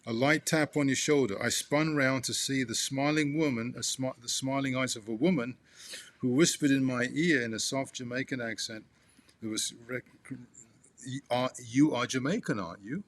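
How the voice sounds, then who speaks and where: A man reading a memoir aloud to his father, halting with restarts and turning asides to the listener as "you". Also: medium pitch, fairly bright tone, slight background noise.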